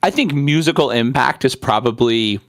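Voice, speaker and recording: A man's voice: mid-range voice, moderate pace, a bit bright, dry recording, clean studio sound. A man co-hosting a casual podcast who steers the talk with short questions. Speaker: podcast co-host. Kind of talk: casual chat.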